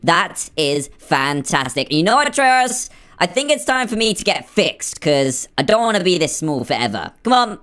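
Male gamer, voice pitched up by a filter, jumpy and excitable. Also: normal speed, hardly any pauses. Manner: excitable, jittery, nervous exclamations. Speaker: gaming video creator. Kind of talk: playing through a game adventure.

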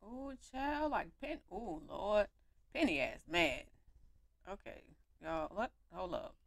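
A young woman giving animated, slangy commentary while playing a life-sim game on her home mic. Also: medium pitch, slow pace, gravelly, no echo. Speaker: gaming YouTuber. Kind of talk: let's play commentary.

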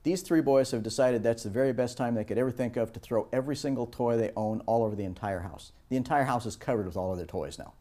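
A middle-aged man lecturing on teamwork, his tone mellow and relaxed. He tells stories and slips into higher voices for the people he quotes. His pitch sits at an ordinary middle height. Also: fast, hardly any pauses. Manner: storytelling, acts out quoted voices with raised pitch. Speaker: instructor. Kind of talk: recorded lecture on project teamwork.

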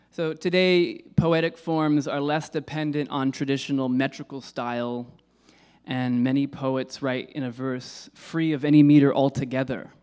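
A man's voice: on the high side, darkish tone. A man giving an informal lecture on poetry. He hesitates, corrects himself and uses many fillers.

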